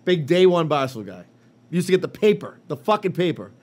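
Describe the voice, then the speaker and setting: Animated high-voiced man. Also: a little fast. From Boston. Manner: animated, swearing, mocking impressions. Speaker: podcast co-host. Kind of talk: casual profane chat.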